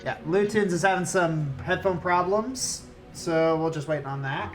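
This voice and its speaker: A woman's voice: fairly low pitch, a little slow. A woman hosting a live tabletop game stream, chatting casually and teasing her players. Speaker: stream host and game master. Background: background game music.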